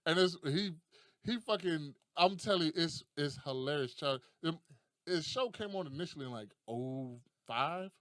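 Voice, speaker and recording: A young adult man hosting a casual podcast, telling stories in a profane, animated way and laughing often. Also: a little high, moderate pace, no room sound, clean studio sound. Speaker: podcast host.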